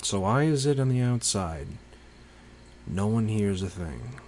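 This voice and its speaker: Male, very low voice, unhurried reflective monologue, faint crickets behind. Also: animated, a little mellow, a little hiss or hum. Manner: slow, pensive, with long pauses.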